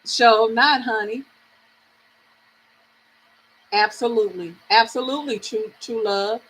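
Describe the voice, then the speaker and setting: A woman's voice: a little high, slow pace, fairly bright tone, slightly rough, poor audio. A middle-aged woman from the American South, hosting a live reading stream and chatting frankly with viewers, swearing freely and laughing often.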